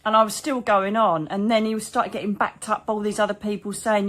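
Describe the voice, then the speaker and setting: A British woman talks to her viewers in a chatty, animated, colloquial way, as a psychic medium hosting her own channel. Her voice sits at an ordinary middle pitch. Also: fairly quick, hardly any pauses. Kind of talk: casual storytelling to viewers.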